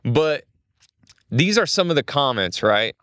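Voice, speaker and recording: A young adult man, chatting casually as a podcast guest, animated and acting out quotes with big pitch jumps. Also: a little slow, no room sound. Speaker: creative director, guest.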